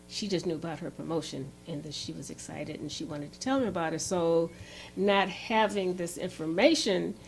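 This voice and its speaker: A woman presenting a relationship workshop who tells an example story in a lively, animated way. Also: lowish voice, vocal fry, a little hiss or hum. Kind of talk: storytelling lecture.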